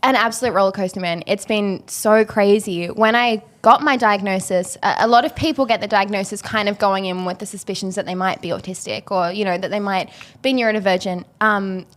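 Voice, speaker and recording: A woman, a podcast guest telling stories in a bubbly, quick way with lots of quoted asides. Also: mid-range voice, steady tone, fairly bright tone. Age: 20s. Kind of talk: casual podcast interview.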